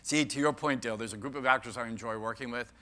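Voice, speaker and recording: Older guy doing a keynote, really bright voice, jokey with the crowd, big hall echo. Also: medium pitch, quick pace. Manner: playful, teasing the audience, self-mocking about age. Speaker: keynote speaker. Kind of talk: interactive keynote talk. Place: large conference hall. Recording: long hall reverb.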